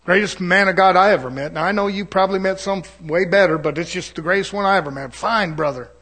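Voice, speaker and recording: A pastor delivers a folksy sermon, blending jokes and laughter with scripture and shifting from soft asides to loud, fervent preaching. His voice sits high and moves fast.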